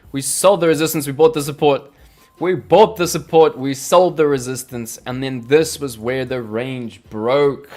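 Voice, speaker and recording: A man hosting a casual live stream, teaching chart reading in a playful, jokey, chatty way with lots of fillers. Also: mid-range voice. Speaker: crypto trading livestream host. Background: faint background music.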